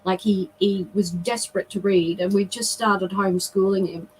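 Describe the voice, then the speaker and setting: A woman's voice: medium pitch, steady tone, moderate pace, a little mellow, slight background noise, rough recording. A middle-aged woman, a guest on a video call, earnestly telling a personal story with emotion and frequent restarts.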